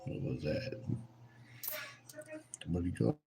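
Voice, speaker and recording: Male vlogger, very deep gravelly voice, mumbled half-whispers, slow and unhurried, getting over a cold, noisy home recording. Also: warm tone. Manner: mumbling, half-whispered, talking to himself while sorting coins. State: recovering from a cold. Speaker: coin-roll hunting vlogger. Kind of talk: casual live-stream commentary. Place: home room with sleeping kids.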